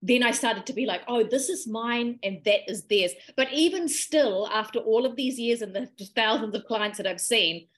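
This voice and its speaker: A woman, a podcast guest telling a personal healing story in a lively, emotional way and acting out quoted dialogue. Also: a little high, normal speed, hardly any pauses. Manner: animated, emotional retelling with quoted dialogue and laughs.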